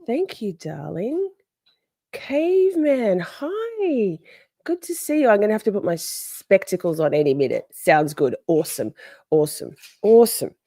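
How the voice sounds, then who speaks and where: A woman hosting a livestream, chatting casually and greeting viewers by name between animated stories. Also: medium pitch, no echo, studio quality. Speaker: livestream host. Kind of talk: casual chat with live viewers.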